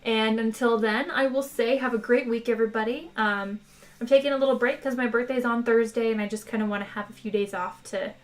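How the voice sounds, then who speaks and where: A woman with a fairly high, brisk voice reads a novel aloud on a live stream and then chats casually with her viewers. She's relaxed and chatty, using fillers as she talks.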